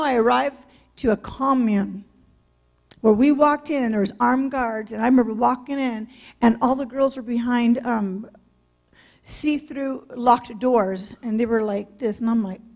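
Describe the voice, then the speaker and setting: A woman from California giving a public talk in a blunt, candid storytelling manner. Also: sits high. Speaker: speaker sharing her testimony. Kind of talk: public talk, personal testimony.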